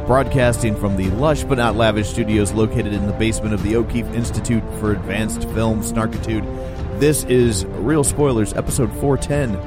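A man's voice: fairly low pitch, steady tone, brisk, few pauses, over loud music. A man hosting a film podcast, talking in a dry, jokey way in casual chat. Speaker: podcast host.

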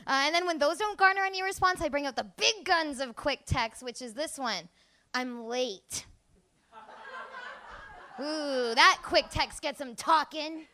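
A woman's voice: high-pitched, moderate pace, hardly any pauses, sharp tone. A woman doing a live stand-up set, rambling, giggly and self-mocking. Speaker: stand-up comedian. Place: live comedy show stage.

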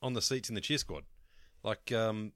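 A man's voice: on the low side, normal speed, a bit bright, no room sound. An Australian man co-hosting a podcast, chatting casually with dry wisecracks. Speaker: podcast co-host. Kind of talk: casual chat.

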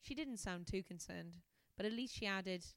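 A woman's voice: medium pitch, moderate pace, no echo. Woman reading aloud with amused asides. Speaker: podcast guest, comedian and scientist. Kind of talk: reading a novel aloud with commentary.

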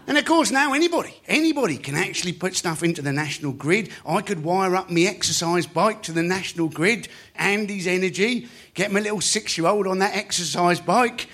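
Male comic host, high pitch, stand-up to a live crowd, chatty tag questions. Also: animated, fairly quick, few pauses, bright, forceful tone. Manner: chatty, keeps asking "isn't it?". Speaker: comedy show host. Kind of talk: stand-up monologue. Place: stage before a live audience.

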